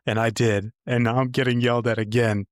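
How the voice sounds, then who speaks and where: A man's voice: mid-range voice, level tone, fairly quick, no echo, studio quality. A man co-hosting a casual podcast, defending himself with wry, good-humored pushback. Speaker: podcast co-host.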